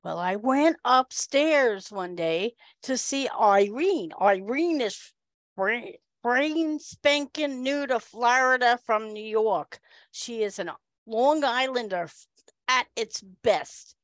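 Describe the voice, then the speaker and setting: Animated woman telling a funny story. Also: on the high side, takes it slowly, no echo. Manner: animated, acts out the people in her story. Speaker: club speaker. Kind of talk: humorous storytelling speech.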